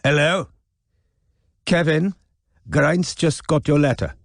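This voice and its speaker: A man's voice: fairly high pitch, sing-song, unhurried, darkish tone, dry recording, studio quality, pitched above the performer's own voice. A man reading an audiobook, voicing a young woman who is faking a shaky Welsh accent on the phone with a grand, mellifluous tone. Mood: coaxing.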